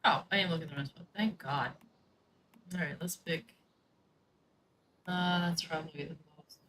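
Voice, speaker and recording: Her voice is deep and a touch bright, at a moderate pace, with a faint hum in the recording. The woman, a gaming streamer, chats casually mid-game, a talkative storyteller who acts out quoted dialogue and sometimes swears.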